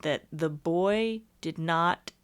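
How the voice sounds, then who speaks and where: A woman co-hosting a podcast in casual chat, answering with measured, agreeable remarks. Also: fairly low pitch, clean tone. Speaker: podcast co-host.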